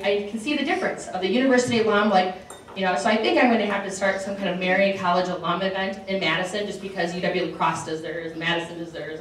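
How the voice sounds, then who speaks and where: A middle-aged woman, a state representative, giving an informal lunch speech and acting out the voices in her stories. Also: medium pitch. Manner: animated storytelling, acts out quoted voices. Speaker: state representative and alum speaker. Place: university event hall. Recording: echoey hall, far from the mic, faint noise.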